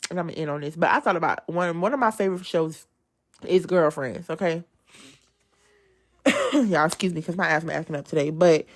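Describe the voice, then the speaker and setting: A woman giving an amped-up devotional talk in a casual, colloquial way and addressing her listeners as y'all. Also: fairly low pitch. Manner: swings between loud emphasis and soft asides. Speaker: speaker giving a devotional testimony.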